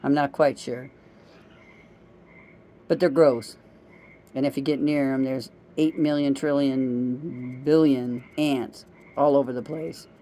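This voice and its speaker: A woman's voice: a bass voice, steady tone, slow, long pauses, dark tone. A middle-aged woman vlogging in a casual, rambling monologue, chatty and self-amused as she wanders from one story to the next.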